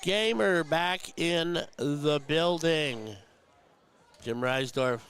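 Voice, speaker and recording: A man's voice: fairly high pitch, slow, a bit bright. Chatty man commentating live darts. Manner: chatty, heartfelt, emotional. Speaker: tournament commentator and stream host. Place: darts tournament venue.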